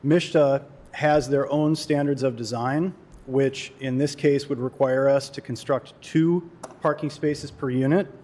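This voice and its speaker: A man's voice: medium pitch, steady tone, unhurried, a little mellow. Male developer addressing a board, formal and plain, some fillers. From Kalamazoo, Michigan. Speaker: developer applicant. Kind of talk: public hearing testimony.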